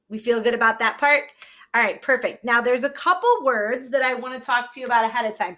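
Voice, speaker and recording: Bright, kinda high-voiced lady teacher doing a slow reading lesson for little kids, sounds words out, lots of "okay?". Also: steady tone. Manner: patient, checks in with frequent "okay?"; sounds out words slowly syllable by syllable. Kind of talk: reading lesson for young children.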